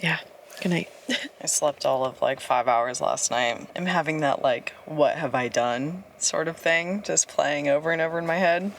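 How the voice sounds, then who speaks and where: A young woman vlogging to camera, talking softly and anxiously, with sighs and nervous laughs. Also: sits low, normal speed, vocal fry, slight background noise. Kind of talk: casual vlog to camera.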